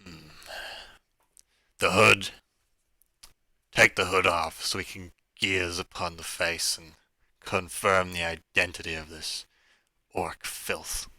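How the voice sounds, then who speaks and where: A man voicing a commanding male leader who shouts orders across a room in a tabletop game. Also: level tone, very slow, few pauses, no echo, studio quality, full character voice. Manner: booming, imperious, contemptuous.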